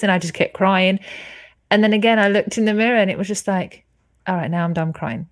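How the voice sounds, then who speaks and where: A candid woman shares her story over a video call, earnest and unfiltered, with plenty of swearing. Her voice sits at an ordinary middle pitch. It sounds dry and close, with no room echo. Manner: frank, earnest, swears freely. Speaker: podcast guest.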